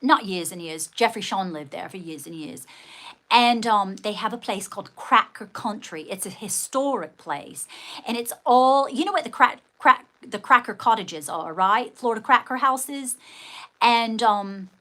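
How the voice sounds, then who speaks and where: A woman's voice: mid-range voice, animated, measured pace, sharp tone. A woman hosting a casual livestream, chatting with viewers and thanking them, often calling them darling. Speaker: livestream host.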